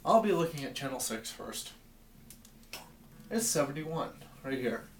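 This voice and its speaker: A man's voice: mid-range voice, very animated, measured pace, reverberant, far from the mic, slight background noise. A man from Maine rambling in a wry, exasperated rant to his camera from his basement. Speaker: vlogger. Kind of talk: comedic rant vlog. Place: home basement.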